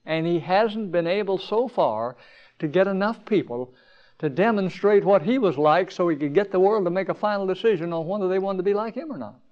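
Preacher, male, high-pitched, shifts between emphatic peaks and quiet asides, lo-fi sermon tape. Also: a little fast. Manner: rhetorical questions, rising to emphatic peaks then dropping low. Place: campground meeting.

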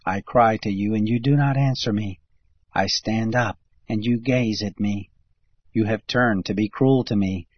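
A man with a husky voice giving a steady, measured reading of scripture. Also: fairly low pitch. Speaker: scripture reader. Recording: dull lo-fi recording.

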